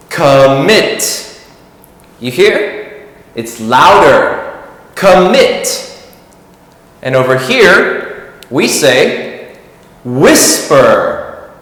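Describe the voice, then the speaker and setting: A man teaching English grammar, explaining slowly and patiently and repeating words for learners to say along. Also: a little high, a bit bright. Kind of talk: slow classroom explanation. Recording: very echoey room with long reverb.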